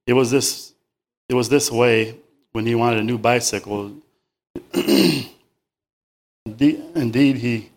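A man at an ordinary mid pitch reads a children's story aloud to a group. He halts often, rephrases lines in his own words and adds moral comments along the way. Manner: halting, stops to paraphrase and moralize.

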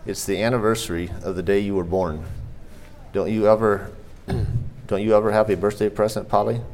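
A kind grown woman from an old farm story, speaking gently and warmly to a child, as a man reads her lines aloud. The voice stays low and deep, a plain reading voice. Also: steady tone, normal speed, a little hiss or hum, natural voice. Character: kind adult woman boarder.

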